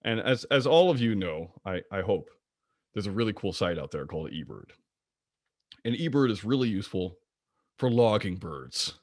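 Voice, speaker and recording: A man presenting an online slide lecture about birds, playful and jokey, with wide swings in pitch. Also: very animated, moderate pace, no echo, studio quality. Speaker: guest presenter of a bird talk.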